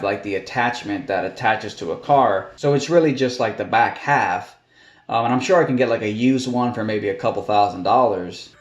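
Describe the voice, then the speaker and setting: A man vlogging about his building project in a casual, exasperated way, laughing in disbelief as he talks. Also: mid-range voice. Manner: exasperated, incredulous, laughs often. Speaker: vlogger building a container home. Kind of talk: casual video diary. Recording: echoey room with faint music.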